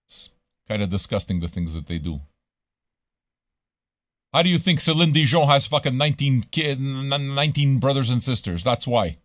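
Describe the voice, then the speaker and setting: A man's voice: medium pitch, animated, moderate pace, pauses often, fairly bright tone, dry recording. A man from Montreal hosting a casual livestream radio show, talking in a profane, rambling way and dropping into French now and then. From Montreal, Canada.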